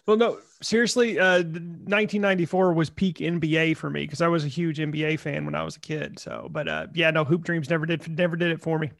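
A man co-hosting a casual movie podcast, offhand and quick to laugh. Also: on the high side, creaky, a bit bright. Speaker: podcast co-host. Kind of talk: casual chat.

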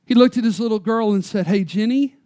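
A preacher telling a story in a sermon, folksy and conversational, swinging from loud emphasis to quiet, slow stresses on key words. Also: mid-range voice, smooth.

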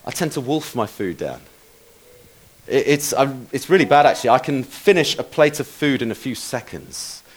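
A man's voice: medium pitch, lively intonation, moderate pace. A man preaching a sermon in a conversational, self-deprecating way, with asides to the congregation.

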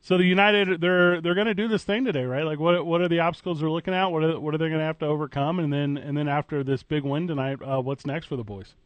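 A man's voice: fairly high pitch, fairly even intonation, no echo. Joking man hosting sports radio. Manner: playful, jokey, quick to tease. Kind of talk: casual radio banter. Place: radio studio. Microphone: studio microphone.

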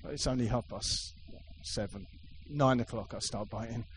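A man's voice: mid-range voice, normal speed, slight background noise, rough recording. A middle-aged man preaching a sermon to a congregation, emphatic and repetitive, with playful asides. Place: church hall with a live congregation.

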